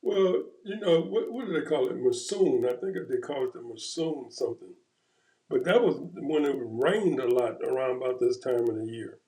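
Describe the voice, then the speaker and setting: A man's voice: mid-range voice, expressive, moderate pace, mellow. A man chatting casually in a laid-back, reflective way. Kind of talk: casual chat. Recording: echoey room.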